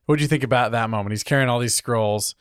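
A man's voice: mid-range voice, fast talker, clear, resonant tone, no echo, clean studio sound. A man in his thirties co-hosting a casual podcast chat, laughing often and acting out quotes in playful voices. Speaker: podcast co-host.

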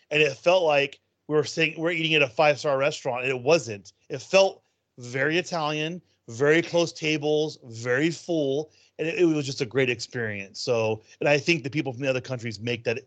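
With a slightly high, fairly bright voice, a man from California co-hosts an easygoing theme park news show. His storytelling meanders, peppered with plenty of ums.

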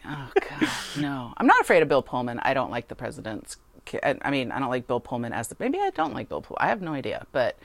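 Low-voiced, emphatic woman co-host. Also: fast talker. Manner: animated, emphatic, many fillers and repetitions. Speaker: podcast co-host. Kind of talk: casual movie review chat.

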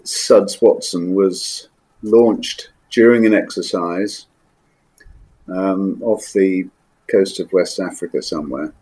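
An older man, a former naval pilot, recalling his flying days in an interview, measured and hesitant with frequent ums. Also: low-pitched, darkish tone, husky. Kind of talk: interview recollection.

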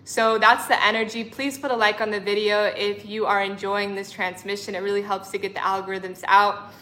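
A woman's voice: mid-range voice, level tone, brisk, bright, forceful tone. A young woman spiritual coach in a casual livestream, effusive and affectionate, calling her viewers sister and honey. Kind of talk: livestream talk reading chat comments.

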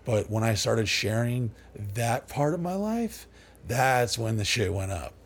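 A man's voice: medium pitch, measured pace, slightly rough. A middle-aged man, a podcast guest, telling stories in a loose, profane way and acting out what people said. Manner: profane, animated, acts out quoted dialogue. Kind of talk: casual storytelling interview.

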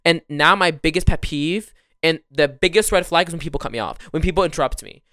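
Young guy podcast host talking super fast, bright crisp voice, dry room. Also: a little high, no room sound. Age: young adult. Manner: fast, loud and animated. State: sick. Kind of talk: casual chat.

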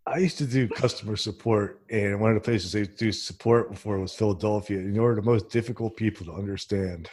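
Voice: deep voice, brisk, darkish tone. An interviewer in a casual chat who prompts with short cues and laughs along.

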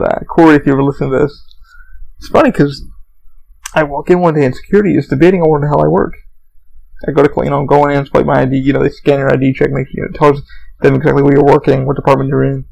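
A man's voice: medium pitch, flat delivery, quick pace, vocal fry, a little mellow, poor audio. A man hosting a podcast, rambling casually and profanely about his theme park job, acting out coworkers as he goes. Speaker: podcast host.

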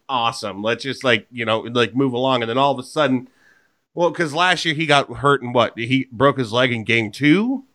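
A man hosts a casual football podcast with a bright, edgy tone. He rambles and jokes, cutting himself off mid-thought. His pitch sits in an ordinary male middle range. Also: moderate pace. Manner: rambling, joking, self-interrupting. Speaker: podcast host. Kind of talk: casual sports chat.

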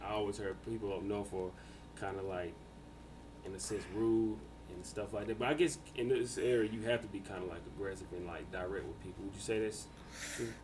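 A man hosts a casual podcast interview, his voice sitting fairly low. He talks in a relaxed, reassuring way, full of easy fillers. Faint room ambience hums underneath. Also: brisk, a little hiss or hum, rough recording. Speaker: podcast host.

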